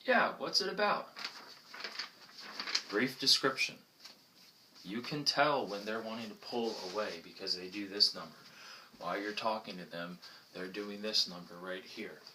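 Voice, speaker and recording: A man giving plainspoken instructions to a group, acting out sample exchanges as he goes. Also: lowish voice. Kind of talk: casual instructional talk. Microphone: phone camera. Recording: phone recording from a distance, faint noise.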